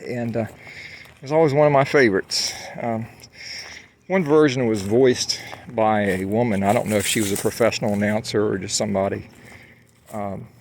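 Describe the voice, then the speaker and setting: A man's voice: fairly low pitch, steady tone, normal speed, a little mellow, a little hiss or hum. A man talks to his viewers while out on a hike, rambling casually with many fillers and restarts. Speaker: vlogger. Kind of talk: casual walking monologue. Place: outdoors on a hike.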